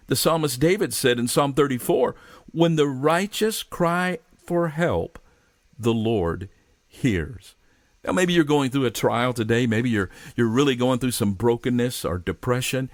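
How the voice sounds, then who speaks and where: Earnest pastor preaching in a dry voice. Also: male voice, mid-range voice, no room sound. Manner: earnest, slows down for scripture readings; addresses listener as friend, drops softly at phrase ends. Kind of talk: sermon.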